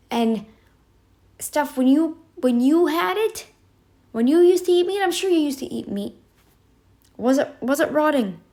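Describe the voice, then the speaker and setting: Woman ranting to her viewers, kinda high voice, sarcastic, lots of "do you really think" questions. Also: a little mellow. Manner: emphatic, ranting with rhetorical questions; sarcastic, addresses listeners directly. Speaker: reaction channel host. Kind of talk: casual commentary.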